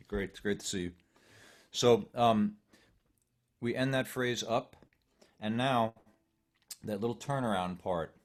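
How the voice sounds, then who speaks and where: A man teaching a fiddle workshop online, calmly walking students through bowing patterns step by step. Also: lowish voice, takes it slowly, pauses often, slight background noise. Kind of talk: online music workshop instruction. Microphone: home computer mic on a video call. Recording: loud fiddle music throughout.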